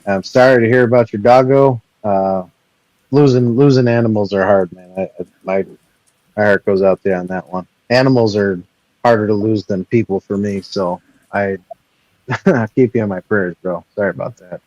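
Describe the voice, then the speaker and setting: A man's voice: fairly low pitch, moderate pace, darkish tone, no echo, lo-fi sound. Laid-back man in casual chat. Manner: laid-back, sincere, calls others bro. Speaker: panel participant.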